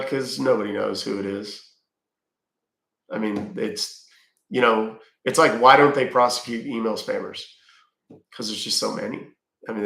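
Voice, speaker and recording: A man's voice: fairly low pitch, vocal fry, fairly bright tone, echoey room. A man hosting a casual livestream, chatting with his viewers and answering their questions with easygoing fillers. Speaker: livestream host reading chat. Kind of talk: casual chat.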